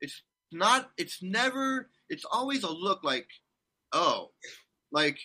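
A man in his sixties from California, a guest telling rambling, animated stories with many restarts in a casual interview. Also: high voice, slow pace. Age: 60s.

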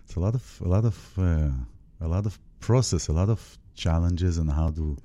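Host, male, very deep and very dark tone, halting, reflective delivery. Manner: halting, searching for words with many restarts. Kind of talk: spiritual conversation.

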